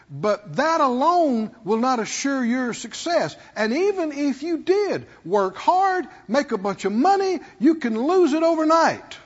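High husky preacher in echoing hall. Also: male voice, dull audio. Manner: preaching with call-and-response rhetorical questions. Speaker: pastor. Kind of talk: sermon.

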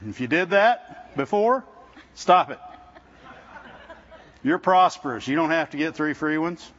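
A visiting preacher delivers a sermon to a church congregation, speaking conversationally, restarting often, and frequently calling out "Amen?" to the room. His voice is a little high and fairly bright, animated but a bit slow. The recording sounds muffled.

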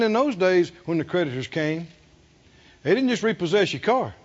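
A man preaching a sermon, animated, acting out the people he quotes and asking the congregation questions. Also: sits high, fairly quick. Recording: dull lo-fi sermon recording.

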